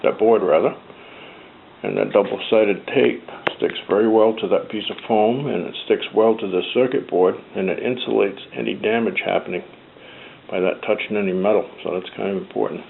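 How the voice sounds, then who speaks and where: A hobbyist builder with a New England accent narrates a DIY project casually, rambling as he works with his hands. His fairly low voice is steady, creaky, and moderately paced, and the audio is tinny and phone-like with faint noise.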